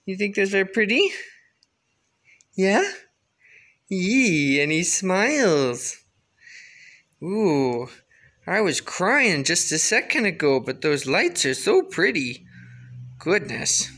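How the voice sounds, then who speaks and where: A father gently coaxing his baby in a home video, sometimes turning playfully dramatic. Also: high-pitched, very animated, slow, pauses often.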